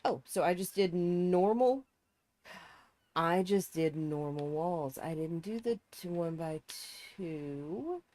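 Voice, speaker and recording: A woman's voice: fairly low pitch, lively intonation, slow pace, warm tone. A woman streaming a building game in casual chat, thinking aloud and poking fun at herself while nursing a sore throat. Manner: chatty, self-mocking, thinking aloud.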